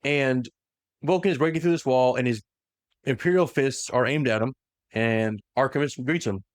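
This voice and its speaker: A man's voice: medium pitch, moderate pace, dry recording, clean studio sound. A man hosting a podcast, casually retelling a story with lots of fillers and self-corrections. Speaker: podcast host.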